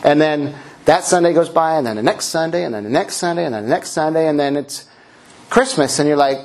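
A middle-aged man preaching a sermon, telling stories with self-mocking humor and animated delivery. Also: brisk. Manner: animated, swings into high character voices. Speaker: pastor.

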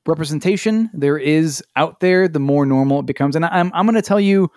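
A man's voice: on the high side, brisk, darkish tone, dry recording, studio quality. A man co-hosting a podcast, chatting casually and telling stories with acted-out quotes and casual swearing. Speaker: podcast co-host. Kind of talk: casual chat, storytelling.

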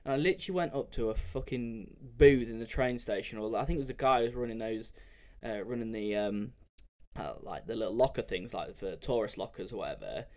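A man's voice: on the low side, a little fast, a little mellow. A young man, telling travel stories on his podcast in a loose, candid, sweary way with lots of fillers. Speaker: podcast host. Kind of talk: casual solo storytelling.

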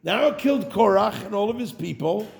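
A man's voice: sits high, animated, a little fast, gravelly, darkish tone, husky. A man giving an informal Torah talk as a rabbi, jokey and digressive, and turning to ask his listeners questions.

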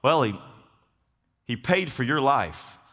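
A laid-back innkeeper , as a preacher puts him on, answering plainly and casually in a bright, forceful voice. A long echo hangs on his words, as in a big hall. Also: mid-range voice, sing-song, slow pace, pitched above the performer's own voice, full character voice. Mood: matter-of-fact. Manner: casual, matter-of-fact.

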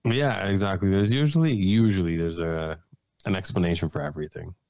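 Deep gravelly-voiced man. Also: a little fast, a little mellow, dry recording. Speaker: podcast co-host. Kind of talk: casual chat.

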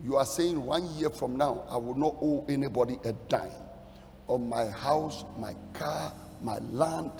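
A man preaching a sermon, emphatic and building into shouted declarations. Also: mid-range voice, a little slow, vocal fry, in a large hall, a little hiss or hum.

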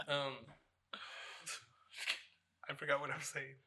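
A man's voice: fairly high pitch, little pitch movement, very slow, very noisy. A man on a podcast talking casually about running an art space, rambling with lots of ums and restarts.

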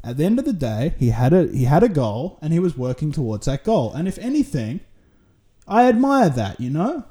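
An Australian man hosts a solo podcast, rambling through a casual, sweary monologue packed with tangents. His voice sits on the high side, sing-song and warm, at a normal speed.

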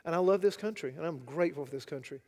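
A man preaching a sermon, dramatic and rhetorical, swinging between loud declarations and hushed asides. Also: a little high, rapid-fire, big-room sound. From United States. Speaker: pastor.

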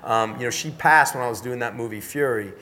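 Forceful, animated middle-aged man telling stories. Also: medium pitch, fairly quick. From United States. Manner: animated, profane, street-style slang. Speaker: podcast guest. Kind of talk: casual storytelling interview.

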